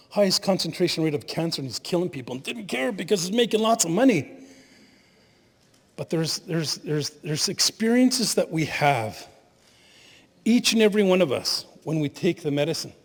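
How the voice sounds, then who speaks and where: A middle-aged man giving an animated storytelling talk as a spiritual leader at a conference, laughing at his own stories. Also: on the high side, slightly rough. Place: conference hall. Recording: long hall reverb.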